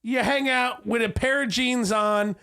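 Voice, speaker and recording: A man's voice: very high-pitched, steady tone, unhurried, pushed and bright, smooth. A young man co-hosting a casual comedy podcast, swearing a lot and telling crude jokes and stories. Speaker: podcast co-host.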